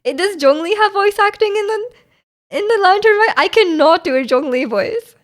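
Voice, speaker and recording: A woman's voice: very high voice, lively intonation, normal speed. A young woman streamer chatting casually with her viewers, giggling and rambling as she answers their chat messages. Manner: giggly, rambling, trails off into mumbles.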